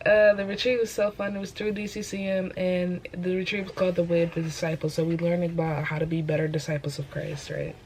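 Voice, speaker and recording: A young woman preaches about her faith in a casual vlog, pressing her points and repeating them for emphasis. Her voice sits fairly low, and faint room noise hums underneath. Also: little pitch movement, brisk, hardly any pauses, darkish tone, poor audio. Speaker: host.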